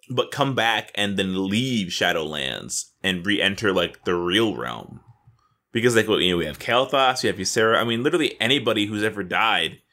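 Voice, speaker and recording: A man co-hosting a casual gaming podcast, excitable and swearing freely. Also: lowish voice. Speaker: podcast co-host.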